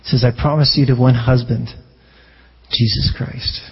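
A man's voice: mid-range voice, steady tone, moderate pace, husky, lo-fi sound. A man preaching a sermon as a pastor in a conversational way, often restarting phrases and asking rhetorical questions.

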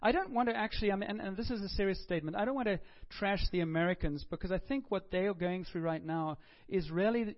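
A middle-aged man with a high voice preaches a sermon in a relaxed, chatty manner, slipping in jokes. The recording sounds dull and lo-fi. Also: fast talker, hardly any pauses. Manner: chatty, joking, conversational preaching. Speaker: pastor.

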